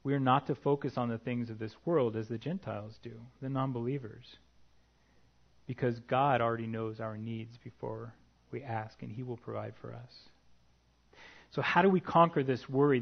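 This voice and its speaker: Male preacher, mid-pitched, earnest sermon delivery, dull lo-fi recording. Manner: earnest, reads scripture aloud, light asides.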